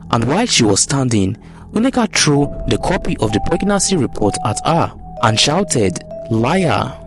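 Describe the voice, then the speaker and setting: A man's voice: mid-range voice, very animated, normal speed. A man narrating a folktale as storyteller. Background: background music.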